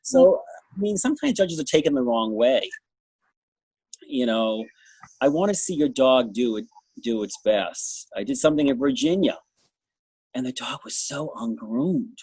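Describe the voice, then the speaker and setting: Middle-aged man, New England accent, blunt and rambling, husky. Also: mid-range voice, a little mellow, no echo. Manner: blunt, talks fast in bursts, trails off. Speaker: dog show judge. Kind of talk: interview answer, candid anecdotes.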